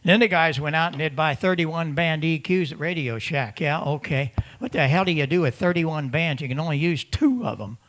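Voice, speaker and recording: His voice is a little high with a fairly bright tone, moving at normal speed with hardly any pauses, over slight background noise. He presents emphatically at a ham radio symposium to ham operators in a conference room, repeating words for stress and acting out other hams.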